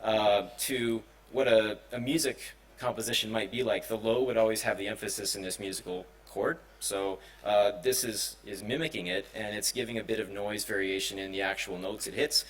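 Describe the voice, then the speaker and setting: A man's voice: fairly low pitch, steady tone, normal speed, hardly any pauses, rough recording. Man giving a casual tech talk. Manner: casual, many fillers and restarts. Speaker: conference speaker. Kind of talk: technical presentation. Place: conference hall.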